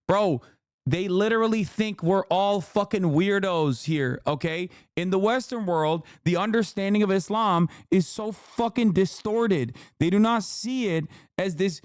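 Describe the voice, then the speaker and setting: A man's voice: high-pitched, a little mellow, clear, resonant tone, no echo, clean studio sound. A man in his thirties streaming a reaction, ranting heatedly with lots of swearing and exasperated repetition. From grew up in a Muslim country. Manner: profane, exasperated, emphatic repetition. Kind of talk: heated casual rant.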